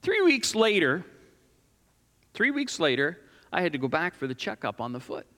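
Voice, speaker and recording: A man preaching a sermon as a pastor, telling a personal story in an earnest, animated way. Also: fairly high pitch, fairly quick. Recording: long hall reverb.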